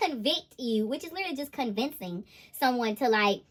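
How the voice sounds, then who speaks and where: A woman with a fairly high voice talks through a tarot spread in a relaxed, chatty way. She laughs often and breaks in with exclamations as she reads each card. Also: brisk. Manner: animated, laughing, exclaiming "ooh, child". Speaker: intuitive tarot reader. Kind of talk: casual tarot reading to viewers.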